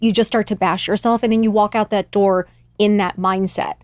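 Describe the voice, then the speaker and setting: A woman in her forties, a podcast guest, telling her story in casual chat, candid and animated, swearing freely. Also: medium pitch, moderate pace, no echo.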